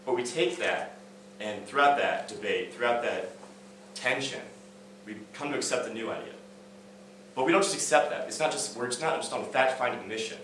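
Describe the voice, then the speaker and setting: A man's voice: lowish voice, a bit bright, slight background noise. A young man, a student, giving a casual, story-driven talk on stage with many fillers and restarts. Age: young adult. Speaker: student speaker. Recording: echoey hall, mic at a distance.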